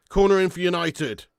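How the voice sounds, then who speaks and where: A man hosting a live football watch-along, calling the play and chatting casually with viewers, swearing freely and swinging between excited shouts and weary sighs. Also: sits high, dry recording, studio quality. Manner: casual and matey, thanks viewers by name. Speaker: fan channel host doing live match watch-along.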